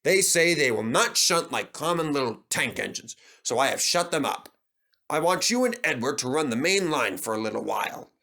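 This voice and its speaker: A man's voice: a little high, big pitch swings, normal speed, gravelly, bright, forceful tone, heavily acted. A man voicing a stately, commanding male railway controller in a storybook reading. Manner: commanding, proper.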